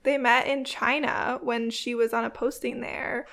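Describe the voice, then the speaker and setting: A woman's voice: a little high, flat delivery, measured pace, creaky, a bit bright. A young woman co-hosting a casual chat, enthusiastic and full of fillers. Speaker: co-host.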